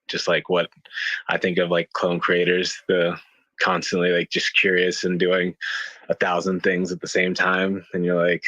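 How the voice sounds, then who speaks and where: A man's voice: low voice, monotone, unhurried, sharp tone, no echo, lo-fi sound. A man chatting loosely, with lots of filler words and casual swearing. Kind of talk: casual chat.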